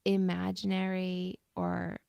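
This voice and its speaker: Gravelly woman host asking questions. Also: fairly low pitch, completely flat delivery, takes it slowly, mellow, no room sound, dull audio. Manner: hesitant, thoughtful questioning. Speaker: livestream host. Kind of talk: livestream interview conversation.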